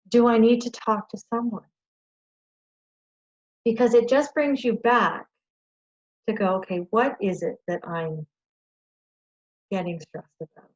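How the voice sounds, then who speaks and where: A woman presenting an informal workshop in a conversational, self-deprecating way, voicing her own inner thoughts as she goes. Her voice sits at a middling pitch, and the recording sounds dull and lo-fi. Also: a little mellow. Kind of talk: informal educational talk on stress.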